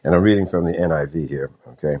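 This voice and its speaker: Deep-voiced pastor preaching a homely sermon. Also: male voice, a little mellow. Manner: folksy, unhurried, repeats phrases and fills with uh. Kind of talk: sermon with prayer and storytelling.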